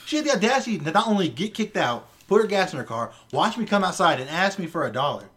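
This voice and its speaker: A man co-hosting a casual podcast, telling a story in a lively, profane way. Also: high voice, fast. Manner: animated storyteller, swears freely. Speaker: podcast co-host.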